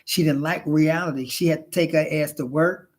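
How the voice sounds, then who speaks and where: Man, flamboyant, chatty, rambling storyteller, somewhat high voice, swears, calls you honey and child. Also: fairly even intonation, normal speed. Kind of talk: casual storytelling monologue.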